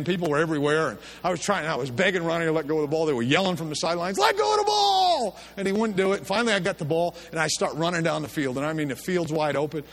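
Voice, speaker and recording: A middle-aged man delivers a church sermon built around storytelling, spinning his tales in a folksy, chuckling manner. His voice is a little high and a bit bright.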